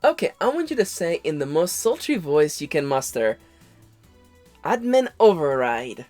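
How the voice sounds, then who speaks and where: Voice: mid-range voice, sing-song, moderate pace, a little mellow, dry recording, soft background music. A let's-play host reading game dialogue aloud and jumping between character voices.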